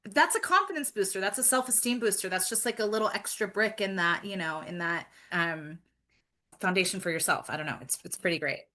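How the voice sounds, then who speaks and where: A woman's voice: mid-range voice, a little fast, bright, forceful tone. A woman guest on a podcast, talking earnestly and reflectively in casual chat, with frequent fillers.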